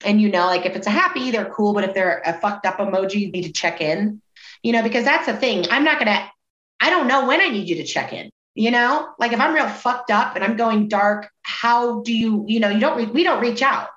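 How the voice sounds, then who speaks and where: A woman's voice: fairly high pitch, lively intonation, brisk, fairly bright tone. A middle-aged woman talking candidly in a casual group chat, blunt and swearing freely. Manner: blunt, swears freely, acts out quoted people. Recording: roomy, dull lo-fi sound.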